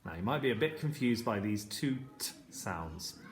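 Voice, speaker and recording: A man teaching a phonics lesson to young children, slowly sounding out words and encouraging them. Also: on the low side, lively intonation, roomy sound, slight background noise. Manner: slow, sounding out words letter by letter. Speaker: primary school teacher.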